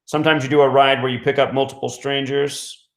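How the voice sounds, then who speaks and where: A man's voice: medium pitch, little pitch movement, a little fast. A man host telling a long story in a loose, casual way, full of fillers, restarts and small chuckles. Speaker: radio host. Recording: roomy echo.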